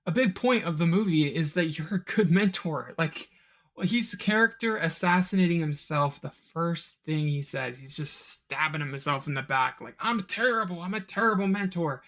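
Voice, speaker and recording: A man hosting a solo podcast and reviewing a film, rambling with asides and mimicking characters' lines. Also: fairly bright tone. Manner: rambling, quick asides, mock-quotes characters in a higher voice. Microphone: home recording of a live stream.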